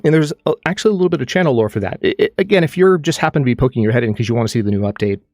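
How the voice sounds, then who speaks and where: A man's voice: mid-range voice, expressive, very fast, darkish tone, dry recording, studio quality, faint music behind. A man hosting his own live stream, chatting casually and animatedly, rambling with restarts while he plays a game. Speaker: streamer and channel host.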